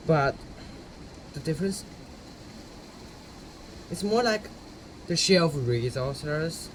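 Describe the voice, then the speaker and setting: This is a man giving casual, emphatic answers in an interview. His voice sits a bit high and swings widely in pitch. A steady wash of noise runs behind the recording. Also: slow, pauses often, low-quality recording. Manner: animated, emphatic, laughs between points.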